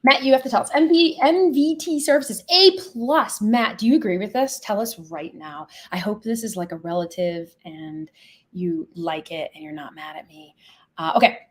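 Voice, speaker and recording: A woman walks viewers through a software demo live, talking casually and quickly getting excited. Her pitch sits in an ordinary middle range, and she gushes freely, dropping the odd swear. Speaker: logistics software founder and host. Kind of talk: live product demo chat.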